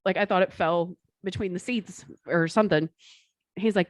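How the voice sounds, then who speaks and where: A woman co-hosting a podcast, telling stories in a profane, animated way. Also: on the low side, moderate pace, dry recording. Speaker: podcast co-host. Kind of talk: casual chat.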